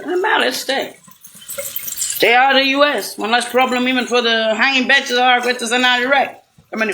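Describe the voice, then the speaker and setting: Bitter ranting woman with a bright, high voice. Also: slight background noise. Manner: rambling, bitter, swings between shouting and muttering. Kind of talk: angry profane rant.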